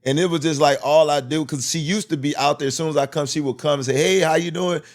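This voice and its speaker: A man's voice: fairly high pitch, steady tone, fast talker. Rambling storyteller man, casual podcast. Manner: rambling, storytelling with many restarts. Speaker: podcast co-host. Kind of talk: casual conversation.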